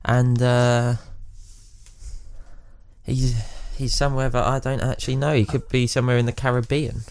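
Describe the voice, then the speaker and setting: A man's voice: medium pitch, level tone, normal speed, a little mellow. A man as a guest on an improvised comedy podcast, making dry, teasing remarks.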